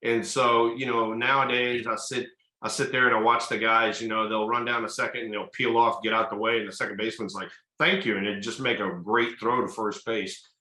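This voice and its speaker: A man's voice: lowish voice, little pitch movement, brisk, bright, forceful tone, roomy sound, poor audio. An older man, a retired ballplayer, answering interview questions in an easygoing, folksy way. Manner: easygoing, folksy, fillers like "you know". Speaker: retired baseball player, guest.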